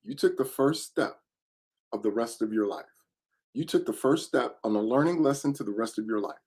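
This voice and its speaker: A man's voice: mid-range voice, animated, moderate pace, a little mellow, lightly acted. A man quoting his mother's firm, patient advice to her teenage son while telling a story. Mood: encouraging.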